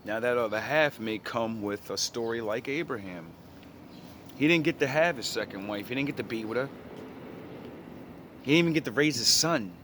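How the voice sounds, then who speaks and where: A man's voice: medium pitch, animated, moderate pace, pauses often, a bit bright, a little hiss or hum. A man casually retelling an old story in his own words, blunt and full of profanity and slang.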